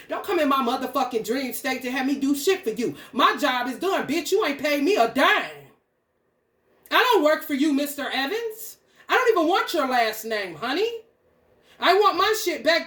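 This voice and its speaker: High-voiced angry ranting woman. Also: a bit bright, reverberant. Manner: angry, confrontational, swearing. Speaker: spiritual content creator. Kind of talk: profane stream-of-consciousness rant.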